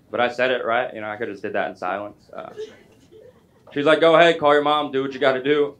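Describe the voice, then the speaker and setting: A young man doing a stand-up comedy set on a club stage, chatty and self-deprecating, with quick asides to the crowd. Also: medium pitch, fairly even intonation, a bit bright.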